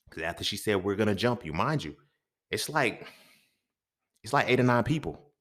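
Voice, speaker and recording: Fast-talking man telling a heated story. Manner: animated, profane, acts out quotes loudly then drops low. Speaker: podcast host. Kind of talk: casual storytelling monologue.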